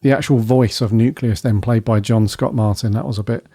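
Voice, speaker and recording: A man's voice: medium pitch, fairly even intonation, brisk, dark tone, no echo. A man co-hosting a podcast, leading a casual review chat with dry, jokey asides. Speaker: podcast co-host.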